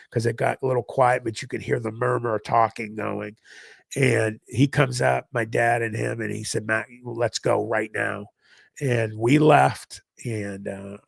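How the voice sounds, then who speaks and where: Male podcast guest, animated storyteller, heavy vocal fry, dead dry sound. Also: mid-range voice, a little slow, no room sound. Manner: animated storytelling, acting out others in raised voices. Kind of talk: recounting a personal story.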